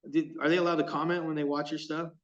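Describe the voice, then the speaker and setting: A man's voice: fairly high pitch, fast talker, distant mic, muffled recording. A man who makes fishing lures, telling stories in a casual chat and acting out the quoted exchanges. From California. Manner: animated, acts out quoted exchanges. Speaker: lure maker, podcast guest.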